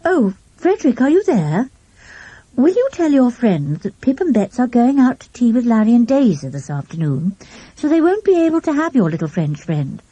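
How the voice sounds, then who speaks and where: A woman playing a genteel mother, courteous and apologetic, pitched up. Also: sing-song, normal speed, warm tone, husky, no echo. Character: polite, genteel mother on the telephone.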